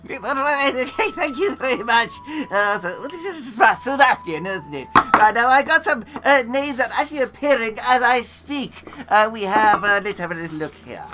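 A woman in costume, hosting a live role-play adventure and chatting playfully with viewers, swinging from hushed asides to booming announcements. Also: expressive, moderate pace, few pauses, over music. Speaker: costumed storyteller and game master. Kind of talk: live role-play storytelling to a streaming audience.

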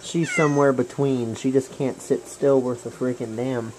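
A woman's voice: a bass voice, fairly even intonation, moderate pace, a little mellow, a little hiss or hum, low-quality recording. A woman at home by a garden pond, talking to her pets in cooing, teasing baby-talk and playful meows. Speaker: pet owner.

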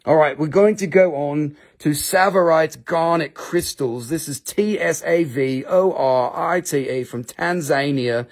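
A man hosts a live sales stream for rocks and crystals. He chats in a loose, rambling way, swears freely and jokes with viewers. Now and then he jumps into a squeaky mock voice to quote people. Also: unhurried, hardly any pauses. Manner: rambling, profane, joking, with high-pitched mock quotes. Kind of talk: casual live-stream selling chat.

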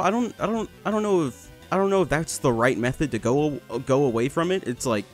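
A man's voice: mid-range voice, very animated, fairly quick, soft background music. A young man commentating his gameplay, telling a story in a rambling, swearing way with many restarts. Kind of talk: casual storytelling over gameplay.

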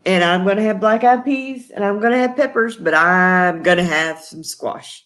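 A middle-aged woman with a Texan accent, chatting with viewers on a live stream. She rambles warmly from one thing to the next, laughing often between thoughts and greeting people by name. Her voice sits at an ordinary middle pitch. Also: normal speed. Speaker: host. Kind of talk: casual live-stream chat.

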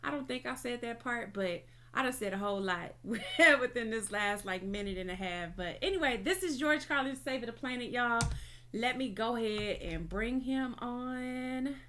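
A woman's voice: fairly high pitch, moderate pace, sharp tone. A woman hosting a reaction vlog, chatting casually to camera and tagging "y'all" and "okay" onto her sentences. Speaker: reaction video host.

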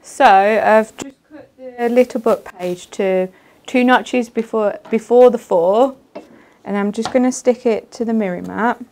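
A soft-spoken woman, casually demonstrating card making and laughing easily. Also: on the high side, a little slow.

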